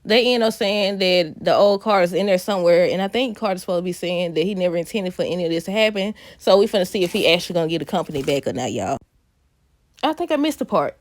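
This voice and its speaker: A woman recapping a soap opera episode in a casual vlog, animated and laughing often. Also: on the low side, quick pace, dry recording. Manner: animated, laughs often, addresses viewers as y'all.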